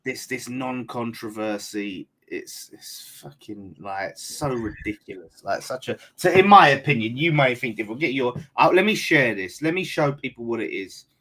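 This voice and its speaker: A man's voice: medium pitch, lively intonation, normal speed, hardly any pauses, a bit bright. A man hosting a live football fan stream, chatty and loose with plenty of swearing. His voice sits in a middle register with an everyday, unforced delivery. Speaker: fan channel host.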